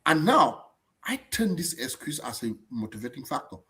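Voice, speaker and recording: Lively, bright-voiced man hosting a live stream. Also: medium pitch, moderate pace. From abroad, not German-born. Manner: animated, repeats words and restarts often. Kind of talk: casual live-stream chat.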